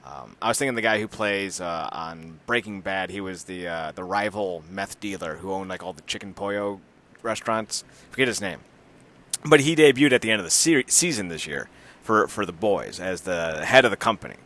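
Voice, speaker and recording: Podcast guy, lively up and down voice, bright tone, rambles and laughs a lot. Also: deep voice, normal speed. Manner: animated, rambling, laughs often, acts out voices. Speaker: podcast co-host. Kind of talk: casual podcast chat.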